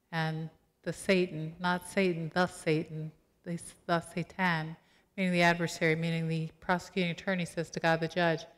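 Woman pastor, lowish voice, chatty lively sermon, church hall echo. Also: clear, resonant tone. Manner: animated, acts out quotes with playful asides. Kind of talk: conversational sermon. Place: church sanctuary. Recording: long church hall reverb.

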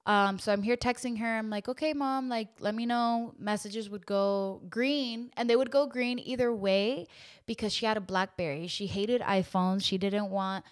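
A young woman hosting a podcast, telling a painful personal story in a halting, emotional way, close to tears. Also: mid-range voice, steady tone. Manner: emotional, halting, with many fillers and restarts. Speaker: podcast host.

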